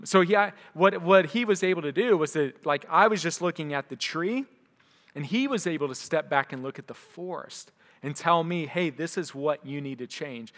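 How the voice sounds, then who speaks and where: A man's voice: fairly high pitch, fairly bright tone. A man who is a pastor giving a conversational sermon to his church, acting out the voices of people in his stories. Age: young adult to middle-aged; father of a young son. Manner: conversational, acts out quoted voices. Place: church hall. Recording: long hall reverb.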